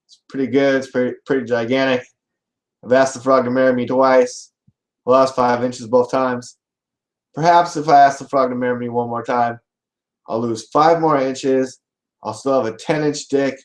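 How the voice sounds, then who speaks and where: A man's voice: mid-range voice, fairly even intonation, normal speed, close to an everyday voice. A man voicing a frustrated young man who earnestly pleads about his problem. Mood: pleading.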